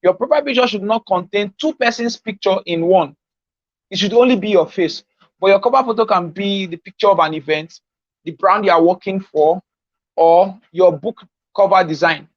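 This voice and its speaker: A man's voice: high voice, moderate pace, no echo, muffled recording. A Nigerian man giving an informal coaching talk on social media marketing, teasing his listeners and repeating his key points.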